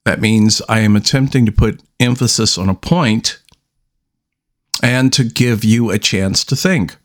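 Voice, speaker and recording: A man hosting a solo podcast, talking unscripted, halting and restarting, with long deliberate pauses between statements. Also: fairly low pitch. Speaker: podcast host.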